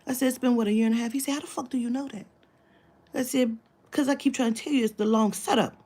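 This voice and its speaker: In a relaxed chat, a woman who works as a spiritual reader recounts a lengthy client story, voicing the dialogue, cursing without restraint and lowering to whispers at times. She talks fast, in a slightly high, steady and somewhat mellow voice.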